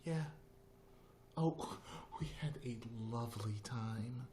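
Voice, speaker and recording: A man's voice: mid-range voice, slow, mellow, slight background noise, pitched above the performer's own voice, close to an everyday voice. A man voicing a prim, sweet, old-fashioned woman who talks in a polite, genteel, sing-song way. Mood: prim, cheery.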